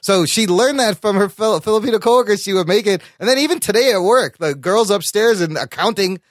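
A young man from the Chicago area hosting a casual podcast chat, animated and laughing often. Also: sits high, a little fast, no echo, clean studio sound. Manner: animated, laughs often, slips into funny voices. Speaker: podcast host.

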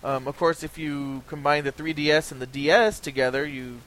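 A man's voice: a little high, a little fast, a bit bright, low-quality recording. A man hosting a casual gaming podcast, reading out sales figures with lots of ums and restarts. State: slightly hoarse from talking. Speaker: podcast host. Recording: faint hiss.

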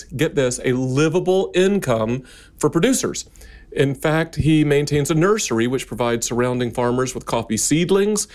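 A man's voice: medium pitch, a little mellow. A man co-hosting a podcast in casual chat, playful and talkative, explaining things at length. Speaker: podcast co-host.

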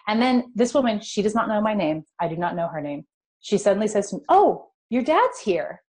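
A middle-aged woman from California, guest in an interview, telling a personal spiritual story in an animated, emotional way. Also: medium pitch, fast.

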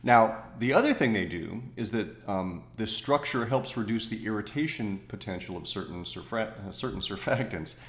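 A man's voice: on the low side, lively intonation, normal speed, hardly any pauses, reverberant. A man co-hosting a podcast, explaining cosmetic chemistry thoughtfully, correcting himself and slipping in jokes. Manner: thoughtful, self-correcting, jokey asides. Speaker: podcast co-host. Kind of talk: casual science chat.

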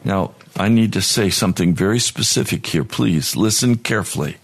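A man's voice: deep voice, animated, normal speed. A man preaching a sermon as pastor, earnest and at times pleading in prayer.

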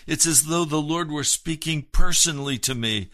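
A man preaching a sermon in an earnest way, moving between hushed and emphatic delivery and slowing down to stress points. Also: a little high, no room sound.

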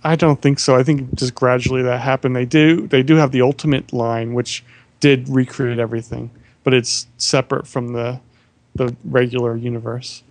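A man's voice: medium pitch, flat delivery, moderate pace, no echo. A man co-hosting a casual podcast chat about comics, talking in a laid-back, slightly hesitant way with dry jokes. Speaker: podcast co-host.

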